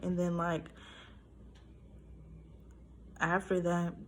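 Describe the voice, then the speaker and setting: A woman's voice: on the low side, completely flat delivery, moderate pace, slight background noise. Emotional woman telling a personal story. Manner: emotional, talks through it with fillers. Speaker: vlogger sharing a personal story.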